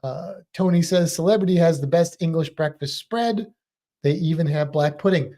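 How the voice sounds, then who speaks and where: A man's voice: a little high, moderate pace, mellow. An American man co-hosting a casual live stream, chatting and laughing as he answers viewer comments. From United States. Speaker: livestream co-host.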